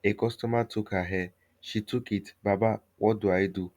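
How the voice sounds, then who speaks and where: A frightened woman hairstylist, pleading and begging for help, voiced by a male storyteller. The delivery stays deep and low, with no attempt to raise the voice to a woman's. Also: fairly even intonation, normal speed, darkish tone, lightly acted. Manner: pleading, panicky.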